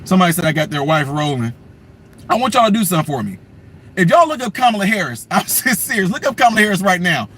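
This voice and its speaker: Here a political livestream host speaks quickly in a high, husky voice. Lively and mocking, he reads viewer comments and needles trolls during his casual commentary.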